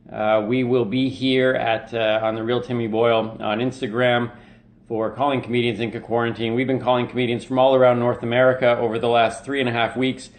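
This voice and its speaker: Guy hosting a comedy live stream from his living room, rambly, lots of uhs, mid-pitched everyday voice. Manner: rambling and self-mocking, many fillers. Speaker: podcast host. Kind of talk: casual live-stream monologue. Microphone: webcam in his living room.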